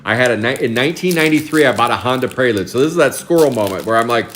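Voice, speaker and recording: A man's voice: medium pitch, lively intonation, rapid-fire, a bit bright, a little hiss or hum. A man in his forties from Oregon, chatting casually on a live card break stream, telling rambling stories with frequent chuckles. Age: 40s. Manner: rambling storyteller, chuckles often.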